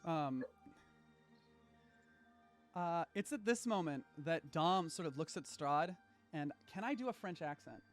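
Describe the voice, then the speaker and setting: A man playing a tabletop role-playing game, narrating his character's actions in animated chat and laughing often. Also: fairly high pitch, measured pace, pauses often, faint music behind. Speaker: player.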